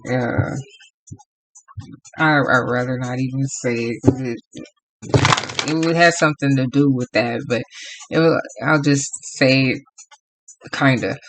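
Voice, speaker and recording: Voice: medium pitch, unhurried, long pauses, a bit bright, low-quality recording. A tarot reader from Los Angeles giving a casual, rambling reading to viewers and laughing often.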